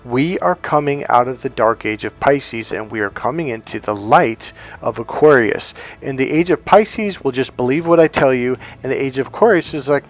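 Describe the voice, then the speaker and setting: A man's voice: medium pitch, animated, moderate pace, hardly any pauses. A man from the San Francisco Bay Area, a self-help coach talking in a casual, rambling opinion monologue that acts out the voices he quotes.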